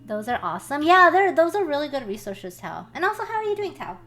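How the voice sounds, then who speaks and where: A young woman co-hosting a casual art study stream, chatty, full of ums and quick laughs. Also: high-pitched, very animated, a bit bright.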